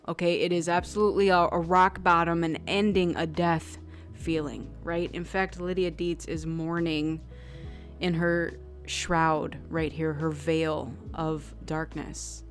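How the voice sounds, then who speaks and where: A woman giving an intuitive tarot reading on her own channel, emotional and effusive, with plenty of "like" fillers. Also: lowish voice. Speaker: tarot reader.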